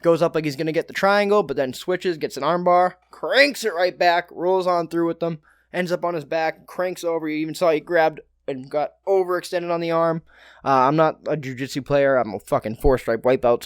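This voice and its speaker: A man's voice: fairly high pitch, clean tone, dry recording, clean studio sound. A young man hosting his own podcast, breaking down fights alone in a loose, profane way with joking asides. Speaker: podcast host. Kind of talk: casual solo fight breakdown.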